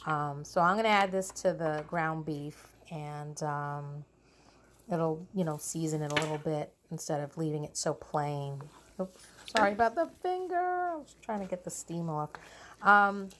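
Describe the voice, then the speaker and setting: A middle-aged woman talks through a home cooking vlog in her kitchen. Her voice sits a little low, and she chats easily, with frequent ums and quick self-corrections. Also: fairly even intonation, background noise.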